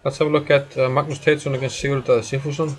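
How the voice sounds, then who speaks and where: A man's voice: mid-range voice, level tone, rapid-fire. A man with an Icelandic accent giving live chess commentary, calling out moves in short bursts.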